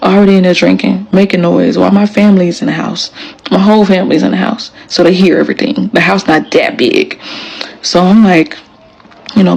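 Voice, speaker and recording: Gravelly-voiced woman telling her story. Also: fairly low pitch, fairly even intonation, a little fast, darkish tone, poor audio. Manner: emphatic, acts out quoted lines. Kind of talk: casual storytelling to camera.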